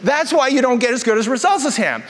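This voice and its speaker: A male pastor telling stories in a sermon, animated and jokey. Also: very high-pitched, fast. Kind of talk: humorous sermon storytelling. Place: church auditorium. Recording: reverberant church hall.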